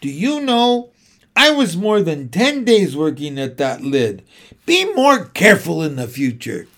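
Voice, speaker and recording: A polite zoo bear from a children's storybook, matter-of-fact and gently scolding, with a lively, up-and-down voice, read by a man. He takes his time over every word. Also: on the high side, measured pace, heavily acted. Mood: reproachful. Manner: mildly reproachful, matter-of-fact. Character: polite, dry-witted male zoo bear.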